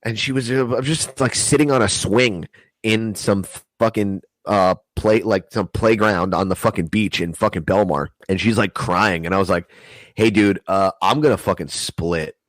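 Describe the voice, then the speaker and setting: A man's voice: fairly low pitch, moderate pace, no echo. A man telling wild stories in a casual chat, swearing often and acting out the people he quotes. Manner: profane, animated, acts out quoted voices. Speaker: podcast guest. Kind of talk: casual storytelling.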